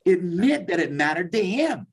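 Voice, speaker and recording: Speaking at a moderate pace, a male therapist guest with a high, breathy, very animated voice recounts a heartfelt personal story in conversation. He performs the dialogue as he tells it, sometimes close to tears.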